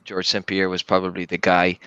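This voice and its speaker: A man speaking over a video call in a halting, earnest way, with many restarts. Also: low-pitched, monotone, bright, forceful tone, clean tone, no echo, dull audio. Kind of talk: casual chat.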